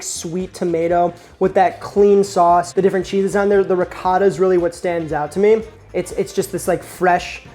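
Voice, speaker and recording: Male home-kitchen vlog host, chatty and eager, warm tone, light music bed. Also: sits high. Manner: enthusiastic, slangy, chatty. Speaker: cooking show host. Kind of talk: casual cooking vlog.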